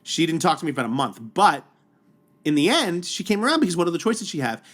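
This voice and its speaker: Fast-talking, animated male podcast guest. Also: a little high. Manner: animated, quick, with repeated restarts. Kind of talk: casual storytelling.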